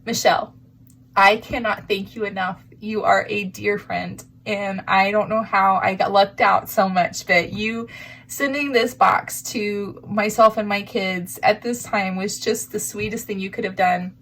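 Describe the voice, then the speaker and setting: A woman's voice: mid-range voice, steady tone, unhurried, fairly bright tone. A woman hosting a crafting vlog, gushing with emotion and near tears as she shows off handmade gifts to the camera. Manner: gushing, sentimental, breathy asides. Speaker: crafting channel host.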